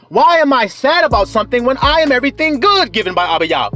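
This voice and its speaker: A man preaching a fervent sermon, calling out to his listeners with whoops and shouts. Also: extremely high pitch, sing-song, fast talker, few pauses, soft background music.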